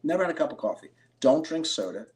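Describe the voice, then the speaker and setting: A middle-aged man from Philadelphia, a card collector and interview guest, telling stories with excited bursts. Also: a little high, quick pace. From Philadelphia, USA. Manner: animated storyteller, excitable bursts. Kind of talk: storytelling interview.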